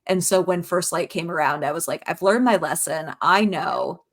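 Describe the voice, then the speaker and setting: A woman author answering interview questions in a relaxed, wry way. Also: on the low side, moderate pace. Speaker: author guest.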